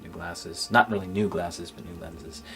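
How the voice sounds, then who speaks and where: A man with a deep, low voice vlogs to his viewers, hesitant and full of fillers. He sounds low-spirited, and his voice often sinks to a breathy near-whisper. Faint music plays softly behind him. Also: steady tone. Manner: subdued and halting, many fillers, drops to near-whisper. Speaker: gaming YouTuber. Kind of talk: casual thank-you vlog. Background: faint background music.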